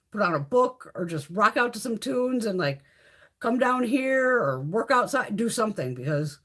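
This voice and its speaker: Foul-mouthed ranting woman, very lively pitch. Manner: profane, ranting, blunt; laughs often while talking. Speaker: beauty livestream host. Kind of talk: casual live-stream chat with viewers.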